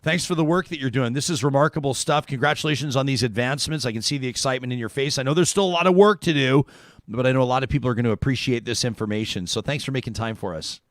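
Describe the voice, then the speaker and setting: A man's voice: medium pitch, rapid-fire, no room sound, studio quality. Chatty male talk show host. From Canada. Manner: emotional, rambling, then upbeat ad read. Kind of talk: casual talk show hosting.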